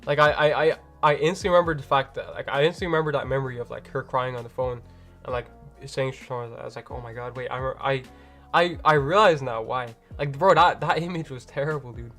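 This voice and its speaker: A man's voice: mid-range voice, fast talker, a bit bright, soft background music. A man hosting a livestream and chatting casually with viewers from home, rambling and packed with slang fillers. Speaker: livestream host.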